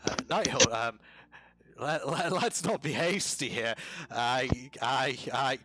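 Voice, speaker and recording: A man's voice: medium pitch, fairly quick, music in the background, natural voice. A man voicing a shifty, smug male merchant who made a promise he cannot pay, making cheeky excuses. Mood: wheedling.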